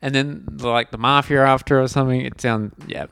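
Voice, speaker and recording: Podcast host, man, smooth clear voice, dry close sound, relaxed chatter. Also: medium pitch, brisk, dry recording. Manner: easygoing, many fillers and laughs. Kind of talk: casual chat.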